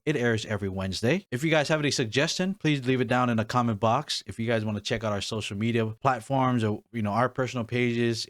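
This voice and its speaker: A man's voice: mid-range voice, dry recording, studio quality. A man hosting a podcast in casual chat, talking loosely with many restarts and fillers. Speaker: podcast host.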